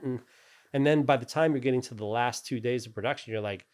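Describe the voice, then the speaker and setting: A man's voice: mid-range voice, fast talker. Rambling, laughing male animator. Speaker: character animator guest. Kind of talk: casual interview storytelling.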